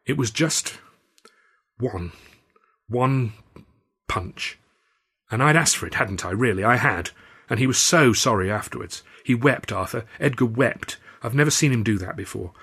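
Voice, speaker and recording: A man voicing a shaken young chorus girl who talks in an urgent, hushed, pleading way as an audiobook character. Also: mid-range voice, lively intonation, a little slow, vocal fry, long pauses, husky, full character voice. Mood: earnest.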